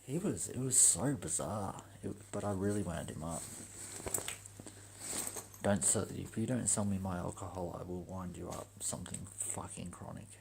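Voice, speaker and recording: A low-voiced young man tells a story in a swaggering, foul-mouthed rant. His voice has a rough, gravelly edge, and there is a faint hiss behind him. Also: normal speed. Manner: profane, swaggering, animated. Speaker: livestreamer. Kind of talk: ranting casual storytelling.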